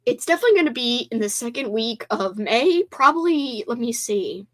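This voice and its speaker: A woman's voice: fairly high pitch, sing-song, normal speed, fairly bright tone. A woman hosting a casual livestream, chatting and reading viewer comments aloud. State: teary, voice breaking. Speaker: livestream host.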